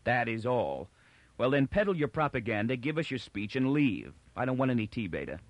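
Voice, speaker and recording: A man voicing an impatient, harsh young husband who presses with sharp questions. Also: mid-range voice, big pitch swings, brisk, dry recording, muffled recording, close to an everyday voice. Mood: angry.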